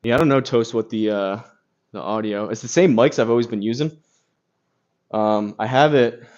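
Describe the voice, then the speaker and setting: A man's voice: mid-range voice, normal speed, a little mellow. Rambling man live-streaming golf from his phone. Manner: rambling, lots of fillers, reads chat aloud. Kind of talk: casual live-stream chat. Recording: slightly dull phone audio with crackle.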